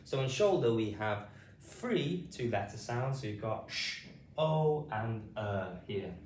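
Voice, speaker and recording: Slow, patient British man teaching phonics. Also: fairly low pitch, animated, a little mellow. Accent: British English. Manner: patient, repetitive, says each word then spells it letter by letter. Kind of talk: slow spelled-out pronunciation lesson. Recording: roomy sound, mic at a distance, faint noise behind.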